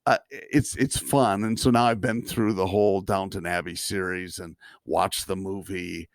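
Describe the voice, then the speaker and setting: A man co-hosting a podcast in casual chat, talking in a halting way with many restarts and the odd chuckle. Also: sits low, steady tone, vocal fry, no room sound, studio quality. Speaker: podcast co-host.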